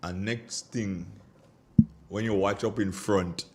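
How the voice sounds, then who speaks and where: A man's voice: on the low side, slow pace, pauses often. A Grenadian man hosting a radio show, greeting listeners and telling stories in a casual, colloquial way. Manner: animated storyteller with Caribbean colloquial phrasing. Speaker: radio host. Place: radio studio.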